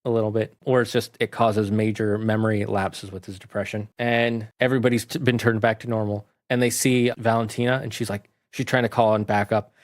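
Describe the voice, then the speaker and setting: A man reviewing a movie, casually retelling its plot in a rambling, animated way. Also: fairly low pitch, fairly quick, hardly any pauses.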